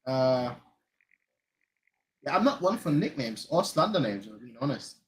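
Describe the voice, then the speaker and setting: A man's voice: mid-range voice, big pitch swings, moderate pace, rough recording. A man from Germany hosting a fan channel, chatting casually during a live match watchalong, rambling and repeating himself with lots of "like". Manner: rambling, repeats phrases, frequent "like". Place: lives in Manchester.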